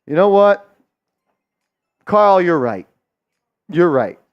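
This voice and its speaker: A man hosting a live sports watch-party stream, hyped and loud as he shouts out viewers' donations and calls the game. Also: high-pitched, big pitch swings, takes it slowly, long pauses, lo-fi sound.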